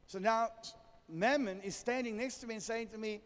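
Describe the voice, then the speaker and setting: A man's voice: extremely high pitch, brisk, long reverb tail. A man preaching a sermon, telling a humorous story and calling for amens. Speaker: pastor.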